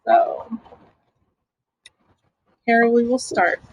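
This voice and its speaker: A middle-aged woman teacher reading a picture book aloud to young students, explaining slowly with simple asides. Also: on the high side, steady tone, breathy edge, poor audio.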